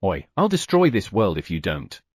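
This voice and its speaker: A man voicing a ranting male evil god who shouts threats in an audiobook. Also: sits low, huge pitch swings, normal speed, no echo, studio quality, pitched below the performer's own voice, exaggerated voice. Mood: threatening.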